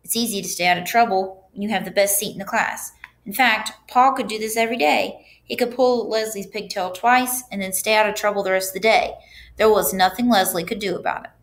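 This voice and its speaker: A woman's voice: mid-range voice, a little fast. A woman teacher reading a children's chapter book aloud and guiding students through the pages. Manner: animated storytelling with stops to guide the class.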